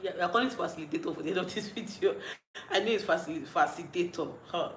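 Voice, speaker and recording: A young Nigerian woman with a Nigerian accent, chatting casually on a livestream, reading out comments and rambling with frequent giggles and restarts, a little tipsy and mellow. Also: fairly low pitch, rapid-fire, reverberant, slight background noise, low-quality recording. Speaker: vlogger.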